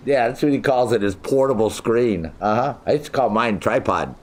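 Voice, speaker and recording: A man's voice: medium pitch, expressive, a little slow, hardly any pauses. A man chatting casually with his viewers while streaming a game, swearing freely, joking around and laughing often. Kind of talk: casual livestream chat.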